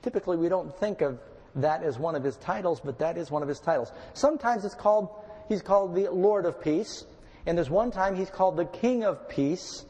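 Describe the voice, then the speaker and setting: A man preaching a measured sermon, reading scripture with feeling. His voice sits a little high for a man. It rings out in a hall with a long reverb tail. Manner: calm, measured Bible teaching with dramatic readings. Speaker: pastor.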